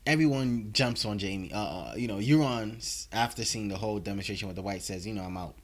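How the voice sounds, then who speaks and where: A man's voice: lowish voice, brisk. A man casually recapping and reviewing a TV episode, rambling along with many filler words. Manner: rambling, heavy on "you know" fillers.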